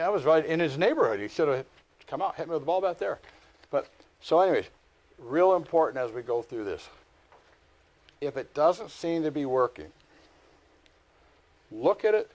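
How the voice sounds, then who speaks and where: A middle-aged man teaching a live real estate class, lecturing with folksy stories and animated asides. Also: mid-range voice.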